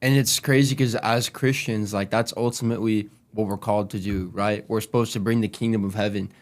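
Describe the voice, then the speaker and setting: Low-voiced man musing casually. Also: steady tone, a little fast. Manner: casual, reflective, lots of fillers. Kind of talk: casual chat.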